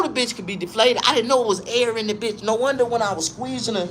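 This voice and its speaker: A male comedian telling a raunchy, profane story, swinging between low muttering and loud, high yelps. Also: quick pace, hardly any pauses, slight background noise.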